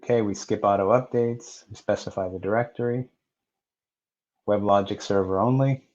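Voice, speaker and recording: A man with a lowish voice talks through a software installation, step by step, in a plain, unhurried way with the odd "uh". The audio is dull and lo-fi, like a screen recording. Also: steady tone. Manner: plain, step-by-step narration with fillers. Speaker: software tutorial presenter. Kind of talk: screen-recorded technical walkthrough.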